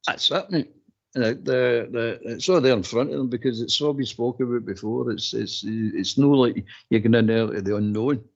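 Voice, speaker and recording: An animated man talking football in casual chat. He repeats himself and laughs through his sentences. His voice sits in a middle range, and the stream audio sounds dull and lo-fi. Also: medium pitch, normal speed, gravelly.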